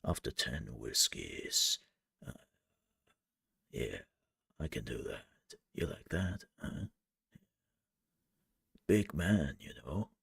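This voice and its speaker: A man putting on the voice of a gruff, boastful drunk tough guy. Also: a bass voice, sing-song, extremely slow, long pauses, fairly bright tone, no room sound, studio quality, voice pushed down, full character voice.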